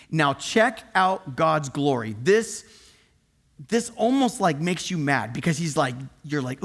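A man preaching a sermon in an animated, conversational and emphatic way. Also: fairly high pitch, measured pace, slightly rough.

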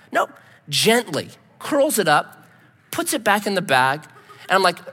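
Male preacher, animated storyteller, bright, sharp tone in a reverberant hall. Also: extremely high pitch, normal speed. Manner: animated storytelling, acts out his own shouts. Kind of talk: sermon with a story.

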